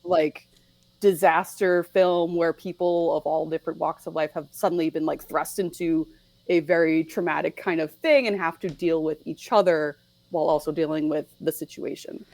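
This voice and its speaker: A young woman chats as a podcast guest in a fairly low voice, animated and quick to laugh. She keeps dropping into short put-on voices to act out lines. The sound is dry and close, with no room around it. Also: no room sound, rough recording. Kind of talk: casual chat about a film.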